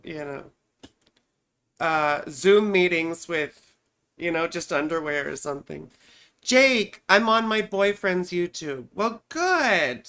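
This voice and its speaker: This astrologer's voice is fairly low in pitch, a bit bright, and clear and resonant. Hosting a casual livestream from her home, she's chatty and rambling, frequently checking in with the listener by peppering her explanations with "you see" and "right."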